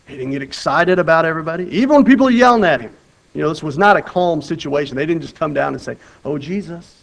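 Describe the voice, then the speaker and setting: A man with a voice a little high for a male gives a sermon with Bible reading, earnest and conversational, frequently circling back and restarting phrases. He alternates between loud, urgent bursts and soft, quiet emphasis, and his voice is creaky on a low-quality recording.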